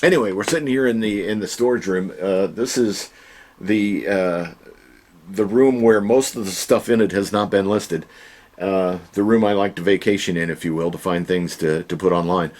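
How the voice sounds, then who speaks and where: Deep and somewhat dark in tone, this man's voice moves at a moderate pace. He's an online reseller hosting a relaxed home vlog from his storage room, chatting folksily with joking asides.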